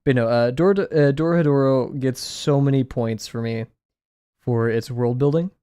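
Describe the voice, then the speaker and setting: Speaking at a moderate pace into a desk mic, with no camera, a man chats loosely and self-deprecatingly during a drawing livestream. His medium-pitched voice has a dark, clean tone and is slightly scratchy today. The audio is studio quality with no echo.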